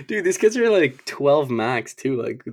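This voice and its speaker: A man's voice: fairly high pitch, very animated, takes it slowly. A young man co-hosting a casual podcast, laid-back, laughing often and calling his friend "man" and "dude". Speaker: podcast co-host, school staff. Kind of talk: casual chat.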